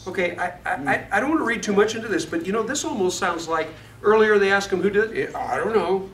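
Speaking quickly in a high-sitting, fairly bright voice, a Floridian man leads a Bible study and frequently quizzes his class in a conversational style. The distant mic catches room echo and a little hiss or hum.

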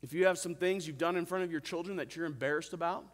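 A man's voice: fairly high pitch, fast. Man preaching in an echoey hall. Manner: calls out "Amen?" and asks the congregation questions; earnest, with self-amused asides. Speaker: pastor. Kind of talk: sermon. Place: church sanctuary.

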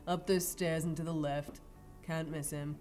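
Sullen punk teen boy, deadpan and smug, voiced by a woman, low and quiet. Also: a little slow, soft background music. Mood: bored, smug. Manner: deadpan, bored.

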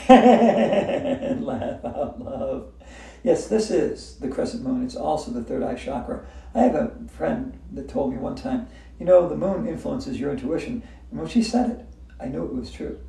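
Heard distantly in an echoey hotel room, a female yoga instructor teaches a cheerful class, chanting breathing cues over and over and bursting into laughter. Her low, dark voice is expressive, with vocal fry, at normal speed.

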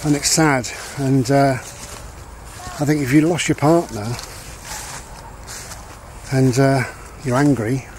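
A man in a middle-range voice talks through life advice in a loose, rambling way, circling back to repeat his main points. He sounds reflective and unhurried. He is recording while out walking a dog, with a faint hum of outdoor ambience behind him. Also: medium pitch, steady tone, darkish tone. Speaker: vlogger giving life advice. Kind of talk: casual rambling monologue.

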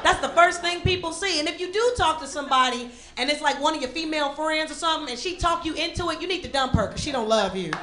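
A young woman from Chicago doing a sassy, animated stand-up set on a club stage, jumping into high quoted voices for the people in her jokes. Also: fast, hardly any pauses. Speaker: stand-up comedian.

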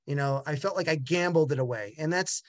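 A middle-aged man, a gallery owner, telling a personal story in an animated way with many halting restarts. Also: a little high, no echo. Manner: animated, acts out other voices in quotes. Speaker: gallery owner and art dealer.

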